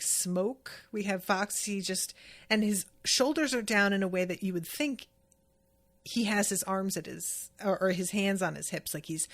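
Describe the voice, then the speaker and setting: Gravelly-voiced woman recapping episodes. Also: mid-range voice, a bit bright. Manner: chatty, amused, retells scenes with quoted lines. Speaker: podcast host.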